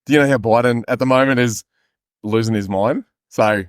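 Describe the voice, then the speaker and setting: A man's voice: medium pitch, fairly quick, clear, resonant tone, no room sound, studio quality. A man hosting a casual comedy podcast, laughing often and swearing freely as he reads and jokes. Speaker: podcast host. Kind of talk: casual comedic chat and Bible reading.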